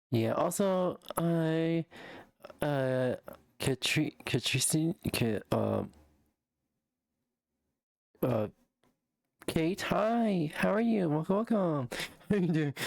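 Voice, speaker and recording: A woman's voice: a bass voice, vocal fry, a little mellow, dry recording. Streamer lady ranting and cursing, lots of uh and like, dry close mic. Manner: swearing, exasperated, many fillers and restarts. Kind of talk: casual live-stream reaction.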